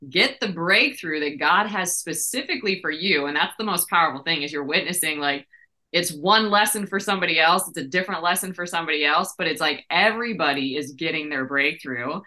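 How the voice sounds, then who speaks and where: A woman's voice: low-pitched, a little fast, sharp tone. A woman hosting a faith podcast, chatting animatedly, often adding "like" and "right?", with playful leaps in her voice. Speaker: podcast host. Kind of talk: conversational interview hosting.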